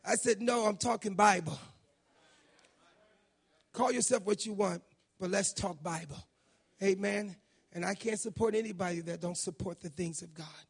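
A man with a raspy voice preaching a folksy, emphatic sermon in a church, reading scripture and praying aloud. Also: high-pitched, normal speed. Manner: folksy, emphatic, builds to shouting in prayer. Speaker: guest preacher.

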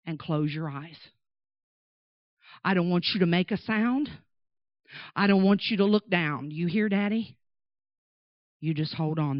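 A woman voicing a gentle middle-aged father who slowly and steadily reassures his frightened child. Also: on the low side, no echo, voice pushed down. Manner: soothing, slow and steady. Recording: dull dry recording.

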